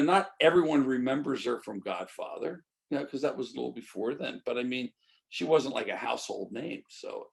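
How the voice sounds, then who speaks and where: A man's voice: medium pitch, vocal fry. An older man, a guest in an interview, telling stories animatedly and acting out quoted dialogue. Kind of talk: storytelling interview.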